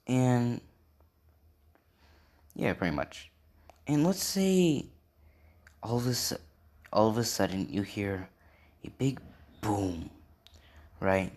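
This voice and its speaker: A man's voice: on the low side, lively intonation, takes it slowly, pauses often, darkish tone. A man casually improvising a fan story, rambling along with lots of filler and checking in with the listener. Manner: rambling, many "and yeah" and "right?" fillers.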